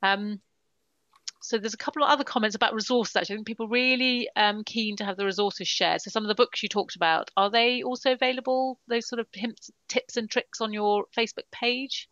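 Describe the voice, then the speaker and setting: Woman webinar host, bright tone, chatty with ums, dull video-call audio. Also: a little high, fairly even intonation, brisk, no room sound. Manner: chatty, relays audience questions with many ums. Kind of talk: moderating a webinar Q&A.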